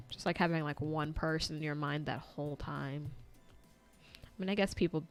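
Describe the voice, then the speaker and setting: A woman's voice: low voice, fairly even intonation, normal speed, soft background music. A young American woman chatting casually and rambling with many fillers while she paints at home on a stand microphone. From United States. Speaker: painting vlogger. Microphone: desk microphone on a stand.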